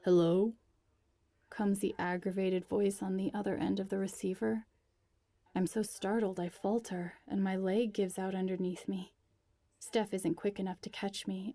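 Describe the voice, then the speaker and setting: Female story narrator, intimate and hushed, flat delivery, dry close sound. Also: mid-range voice, no room sound. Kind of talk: first-person story reading.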